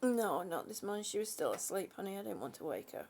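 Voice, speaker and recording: Chatty woman with a gravelly voice. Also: mid-range voice, very animated, fast, a little hiss or hum. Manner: chatty, warm greetings, yawning, laughing, losing her train of thought. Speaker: livestream host. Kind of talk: casual live chat with viewers. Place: home.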